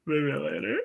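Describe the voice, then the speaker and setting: A man hosting a casual livestream, reading viewer comments with an upbeat, encouraging manner, lots of "um" and soft laughs. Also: high-pitched, gravelly, breathy edge. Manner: chatty and enthusiastic, frequent "um" and soft laughs; says "y'all", upbeat and encouraging. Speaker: livestream write-in host.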